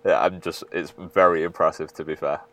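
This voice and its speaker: A man's voice: a bass voice, steady tone, brisk, a bit bright. A British man co-hosting a podcast as a fitness coach, chatting casually and laughing easily. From United Kingdom. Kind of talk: casual chat.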